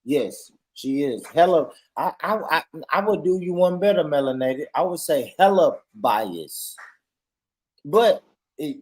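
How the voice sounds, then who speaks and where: A man's voice: a little high, a little mellow. A man, a live stream guest who insists on his point, stammering and repeating himself. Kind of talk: casual live stream debate.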